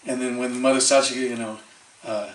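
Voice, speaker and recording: Brief: male temple speaker, lively storyteller, recorded from a distance in a roomy hall. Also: medium pitch, normal speed. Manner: animated storyteller acting out quoted voices, frequent fillers. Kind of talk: storytelling sermon. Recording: echoey hall, distant mic.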